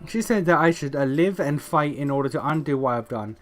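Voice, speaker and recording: A man reading the lines of a weary, guilt-ridden old dwarf knight aloud, with frequent uh fillers and a slightly high voice. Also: animated, a little fast, close to an everyday voice. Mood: grim.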